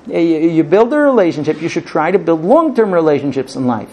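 A rabbi lecturing on marriage, acting out bickering spouses and quoting Hebrew phrases before translating them. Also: male voice, fairly high pitch, a little fast. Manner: animated, acts out squabbling spouses in quoted dialogue. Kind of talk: spoken lecture.

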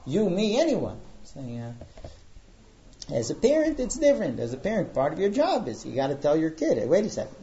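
A middle-aged man, a matchmaker, telling a story in a casual, animated way with frequent hesitations. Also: fairly high pitch, a little fast, a little hiss or hum. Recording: dull lo-fi audio.

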